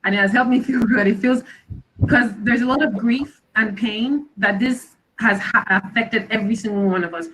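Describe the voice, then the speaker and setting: A woman's voice: on the high side, normal speed, fairly bright tone, slight background noise, rough recording. A woman guest on a video call, speaking directly and emphatically. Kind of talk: casual interview talk.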